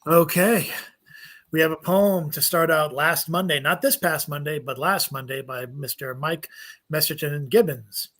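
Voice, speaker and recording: A man with a bright, forceful voice, pitched a little higher than most men. He co-hosts a casual podcast, joking and rambling, often restarting his sentences. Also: measured pace. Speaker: podcast co-host. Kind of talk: casual chat.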